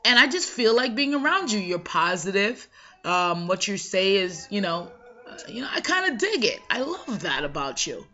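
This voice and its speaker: A woman's voice: medium pitch, sing-song, moderate pace, sharp tone. A Jamaican-born woman hosting an episode, talking conversationally with emphatic rhetorical questions. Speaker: podcast host. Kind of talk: motivational monologue. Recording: dull lo-fi sound.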